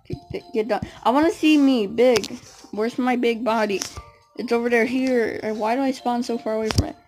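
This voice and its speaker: A young woman giving casual, excitable commentary while playing a video game, often squealing and giggling. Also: fairly high pitch, fairly quick, faint music behind, poor audio. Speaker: gamer.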